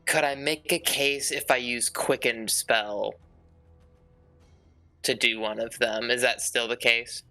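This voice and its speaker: A man playing a tabletop game, excitable and swearing freely, laughing often as he plans his moves. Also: medium pitch, slow, faint music behind. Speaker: player. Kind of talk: tabletop game play, casual.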